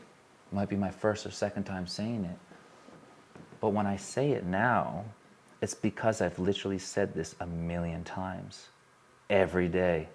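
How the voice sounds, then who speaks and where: An earnest man with a very low voice speaks from a stage to a live audience. He repeats phrases as he presses a point, then drops to a softer, quieter tone. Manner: earnest, repetitive, builds intensity then softens. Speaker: workshop speaker. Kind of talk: emotional live talk to an audience.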